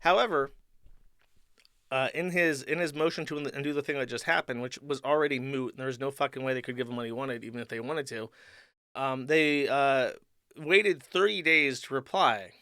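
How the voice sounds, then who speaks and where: A man hosts his own livestream from a home desk, his bright, smooth voice picked up dry and close. He rants crudely and swears often, sliding into rambling asides. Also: mid-range voice, moderate pace, no room sound. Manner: crude, ranting, profane, rambling. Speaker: streamer host. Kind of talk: livestream monologue. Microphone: desk mic at computer.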